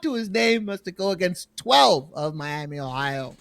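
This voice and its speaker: An esports commentator giving animated, playful colour commentary on a fighting game match. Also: mid-range voice, unhurried, creaky, hardly any pauses. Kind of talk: color commentary.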